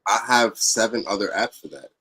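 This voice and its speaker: A man's voice: fairly low pitch, sharp tone, husky, no room sound, poor audio. Exasperated man in a dry room. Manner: defensive, exasperated, quick. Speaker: podcast co-host. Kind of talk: casual chat.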